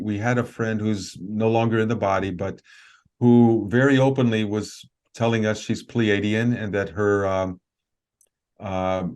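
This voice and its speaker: Low-voiced man telling a long story. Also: darkish tone. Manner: earnest, halting with fillers and restarts. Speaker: guest. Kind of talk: storytelling in a video interview.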